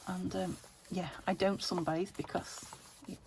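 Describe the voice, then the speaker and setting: Speaking at a measured pace with a low, level, darkish voice and a little hiss or hum on the recording, a woman from the UK with a British accent hosts a casual crafting vlog. The junk journal maker chats, rambles, and slips into murmurs as she works.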